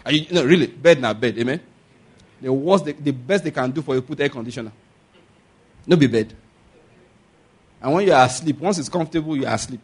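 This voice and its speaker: A man's voice: mid-range voice, fairly quick, long pauses, slightly rough. A man preaching a sermon, asking the congregation for amens and whether they follow. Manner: animated preaching with call-and-response questions. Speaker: pastor.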